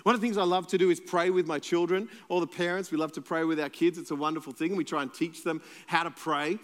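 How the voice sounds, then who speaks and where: A man's voice: fairly high pitch, fairly even intonation, quick pace, a bit bright, long reverb tail. A man with an Australian accent, a pastor preaching a sermon in a conversational, playful way and joking with the congregation.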